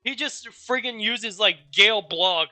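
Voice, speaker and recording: A man streamer casually recapping a story, rambling and animated, with offhand swearing. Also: high-pitched, measured pace, dry recording.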